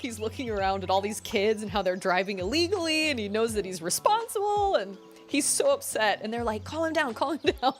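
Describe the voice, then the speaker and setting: A woman streaming a farming game, chatting casually in a rambling way, full of "like"s and quick laughs. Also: mid-range voice, a bit bright. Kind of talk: casual chat while playing.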